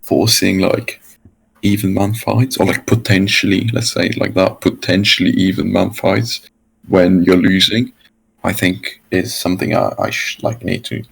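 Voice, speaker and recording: A man asks his coach questions in halting casual talk with many fillers. His voice is very low and heavily gravelly with fry. It also has a husky edge. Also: fairly even intonation, poor audio. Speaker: player being coached.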